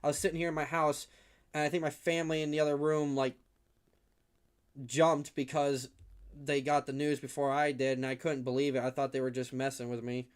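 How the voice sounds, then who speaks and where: A young man does casual fan play-by-play on a livestream from his room at home, his voice a little high, clean, and a little fast with flat delivery. He rambles and gets worked up, shouting at big hits.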